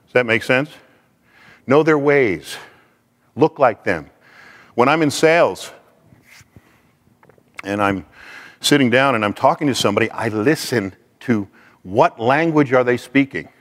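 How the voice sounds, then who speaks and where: A man giving a faith-based teaching talk in a lively, conversational way, acting out quoted speech. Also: medium pitch, unhurried, long pauses, in a large hall.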